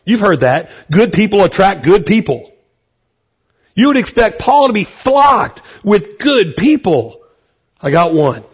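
A male pastor preaching a conversational sermon, acting out quotes with animated energy. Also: high-pitched, measured pace, slightly rough, lo-fi sound.

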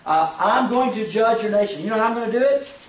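A man voicing a calm, assured male deity who speaks in a reassuring way. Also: high-pitched, quick pace. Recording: echoey room, mic at a distance.

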